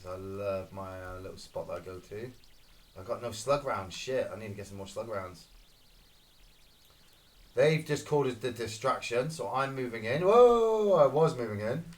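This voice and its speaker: A Scottish man giving casual, excitable gameplay commentary, swearing and reacting loudly to each kill. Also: mid-range voice, normal speed. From Scotland. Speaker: gaming streamer.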